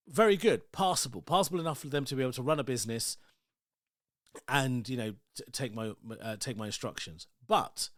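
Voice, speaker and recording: Guy rambling on his own podcast, lots of like and you know, mid pitch, dead dry sound. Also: a bit bright, no echo. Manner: rambling, chatty, many asides and "like"s. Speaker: podcast host. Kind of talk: casual solo monologue.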